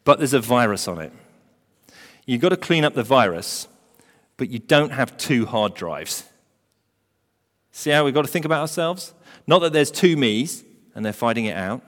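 A man preaching a sermon as pastor, emphatic, building to loud stressed phrases. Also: medium pitch, expressive, normal speed, long pauses. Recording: long hall reverb.

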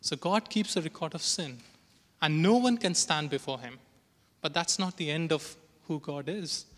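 Bright-voiced man preaching in a reverberant hall. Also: fairly high pitch, moderate pace. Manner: earnest, reads scripture aloud with emphasis. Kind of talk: sermon.

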